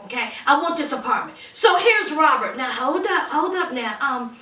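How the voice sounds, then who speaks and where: A woman's voice: high-pitched, lively intonation, normal speed, pushed and bright. A woman giving a sassy, dramatic, teasing recap of a reality TV episode in casual commentary. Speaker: reality TV reviewer. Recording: roomy echo, distant from mic.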